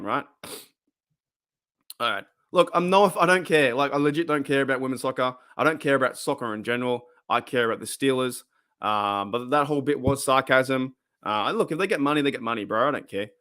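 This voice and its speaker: A man's voice: medium pitch, fairly bright tone. A man with an Australian accent hosting a casual live stream, rambling, repeating himself and laughing often.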